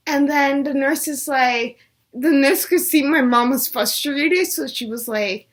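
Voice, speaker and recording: Young woman, vlogger, casual storytelling, fairly high voice, lots of "like". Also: moderate pace. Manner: chatty, says "like" a lot.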